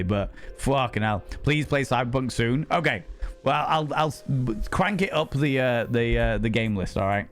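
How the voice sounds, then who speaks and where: A man's voice: mid-range voice, moderate pace, faint music behind. A man live-streaming in casual chat, laughing often and swearing freely.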